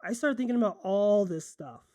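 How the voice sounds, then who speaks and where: Woman photographer vlogging over coffee, warm mellow voice, dry close sound, rambly and excited. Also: mid-range voice, normal speed, no echo. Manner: rambling, enthusiastic, self-correcting; drinking coffee while talking. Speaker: photographer and content creator. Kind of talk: casual vlog chat.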